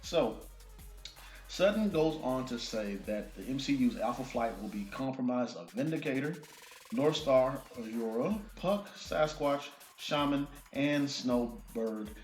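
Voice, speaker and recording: A man hosting a casual movie news vlog, reading an article aloud and breaking off with excited asides. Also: mid-range voice, slow pace, faint music behind. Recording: roomy echo.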